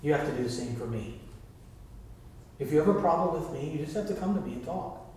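A man's voice: on the high side, lively intonation, brisk, darkish tone, a little hiss or hum. A man preaching a sermon as pastor, talking to the congregation in a conversational way and calling on them to respond. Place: church sanctuary. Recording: very echoey hall, mic far off.

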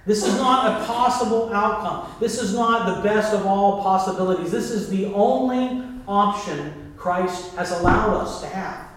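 A man's voice: sits high, measured pace, fairly bright tone. A man preaching a sermon as pastor, talking to the congregation in a conversational way and calling on them to respond. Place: church sanctuary. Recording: very echoey hall, mic far off.

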